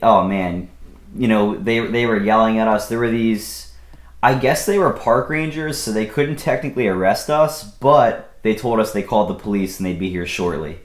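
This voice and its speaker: A man's voice: fairly low pitch, normal speed. A young man from Pennsylvania casually telling a personal story, rambling along with lots of fillers and restarts. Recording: echoey room.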